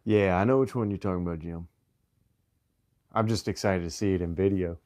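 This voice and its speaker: A very low-pitched man with a mild Virginian Southern accent talks casually to his livestream viewers. He speaks in a relaxed, halting way, restarting sentences and clearing his throat often. The sound is dry and close, with no room echo. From Virginia, USA. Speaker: livestream host.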